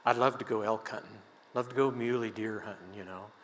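Bright-toned older man preaching in a hall. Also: lowish voice, steady tone, a little fast. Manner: conversational, folksy storytelling with chuckles. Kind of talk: sermon with personal story. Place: church sanctuary.

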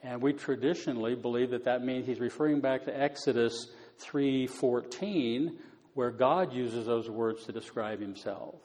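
A man explaining Bible passages in a relaxed, conversational teaching style, with many fillers. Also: medium pitch, normal speed, in a large hall. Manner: conversational, many fillers, paraphrases scripture casually.

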